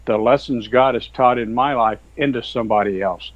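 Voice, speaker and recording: A man's voice: mid-range voice, moderate pace, dry recording, dull audio. A man, a Christian author and guest, telling his faith story in a folksy, rambling way over a video call. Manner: folksy, rambling, heavy on "you know" and "sir". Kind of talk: earnest testimony in casual chat.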